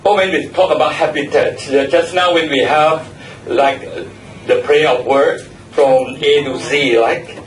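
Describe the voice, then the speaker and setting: A man's voice: fairly high pitch, steady tone, measured pace, a little hiss or hum. Man evaluating speakers in an echoey room. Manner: repeats and spells out words, gives warm feedback. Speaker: general evaluator at a speaking club meeting. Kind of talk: meeting evaluation speech. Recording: echoey room, mic far off.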